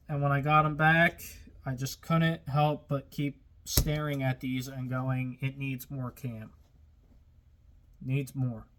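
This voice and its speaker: A man with a fairly high, bright voice hosts his own car-building videos. He chats casually with viewers in the workshop, plain-spoken and getting a little worked up.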